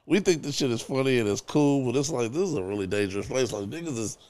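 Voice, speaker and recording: A man's voice: medium pitch, fast talker, a little mellow. A man co-hosting a podcast casually, joking with exaggerated sarcasm and frequent laughter.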